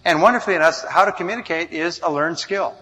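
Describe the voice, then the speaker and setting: A man's voice: on the high side, quick pace, bright, forceful tone. A man giving a motivational seminar lecture, working through numbered points. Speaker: motivational speaker. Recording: dull lo-fi recording under music.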